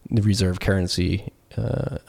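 A man's voice: lowish voice, measured pace, vocal fry, a little mellow, slightly rough. A man co-hosting a casual podcast, rambling through his points with many fillers and self-corrections. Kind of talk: casual debate chat.

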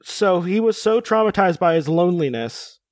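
A man's voice: high-pitched, animated, moderate pace, dry recording, clean studio sound. A man co-hosting a casual podcast chat, reading out a character profile with joking asides. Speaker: podcast co-host.

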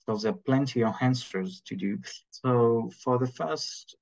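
A French man speaking careful, halting English as a podcast guest in casual chat. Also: mid-range voice, darkish tone, lo-fi sound. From France.

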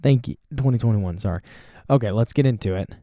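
A man's voice: on the low side, fast, mellow, no room sound, clean studio sound. A young man hosting a casual solo podcast, rambling and self-deprecating as he chats. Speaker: podcast host.

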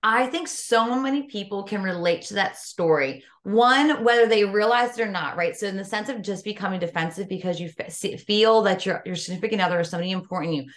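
A woman hosting a podcast and coaching clients, speaking in an energetic, affirming, conversational way. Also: medium pitch, fast, hardly any pauses. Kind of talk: casual podcast interview.

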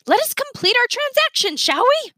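A woman's voice: very high voice, very animated, moderate pace, bright, forceful tone, no echo, clean studio sound, voice pushed up, full character voice. A woman reading a storybook aloud, voicing a haughty, scheming woman buyer in a raised, scolding voice. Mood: shouting.

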